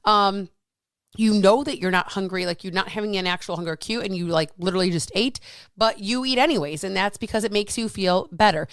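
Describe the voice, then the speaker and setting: A woman in her thirties or forties, a fitness coach talking casually and frankly, animated and swearing freely. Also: mid-range voice, a little fast, clear, resonant tone, no room sound. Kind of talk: casual solo talk.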